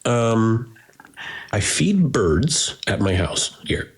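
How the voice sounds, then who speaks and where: A man co-hosting a podcast, telling animated stories with mock indignation. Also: fairly low pitch, very slow, breathy edge. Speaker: podcast co-host. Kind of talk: casual chat.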